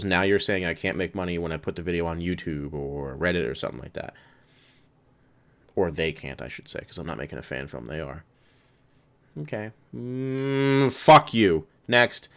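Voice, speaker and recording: Profane, ranting man with a low voice. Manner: profane, exasperated, sarcastic. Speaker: vlogger. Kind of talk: angry rant reading rules aloud.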